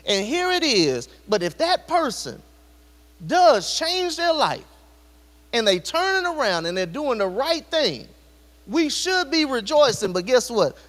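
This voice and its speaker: A man preaches an animated sermon, his voice pitched very high and swinging widely up and down. He keeps speaking straight to the congregation with rhetorical questions. His voice rings out with a long reverb across a church hall. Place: church sanctuary.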